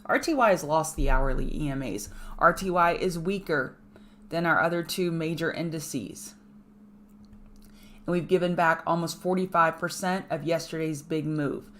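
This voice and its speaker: A woman hosting a live trading show, walking viewers through charts in a brisk, emphatic way with chatty asides. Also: low voice, a bit bright. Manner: brisk, emphatic, repeats key points. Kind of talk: live market chart analysis.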